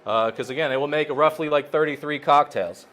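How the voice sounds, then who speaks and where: A man's voice: fairly high pitch, brisk, a bit bright. Chatty bartender man, laid-back. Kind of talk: casual cocktail-making demo.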